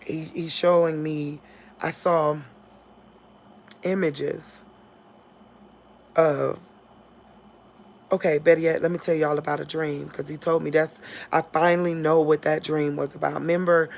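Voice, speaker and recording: A woman giving an informal spiritual talk on a livestream. She laughs often and acts out quotes in a loud voice. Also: low-pitched, gravelly, a little hiss or hum. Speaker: online preacher.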